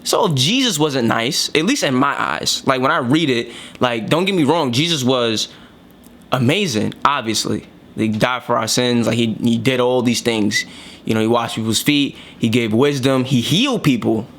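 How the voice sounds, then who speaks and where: A man's voice: mid-range voice, moderate pace, gravelly, fairly bright tone. A man from New York City with a New York accent, giving casual opinion commentary in a slangy, emphatic, preachy way. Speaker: commentator reacting to clips.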